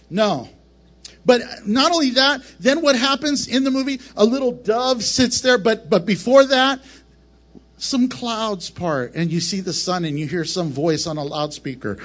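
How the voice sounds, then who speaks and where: A man preaching a casual, joking Bible lesson to a camera, animated and prone to breaking off mid-sentence. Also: high-pitched. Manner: animated, joking, self-interrupting. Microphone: camera mic up close.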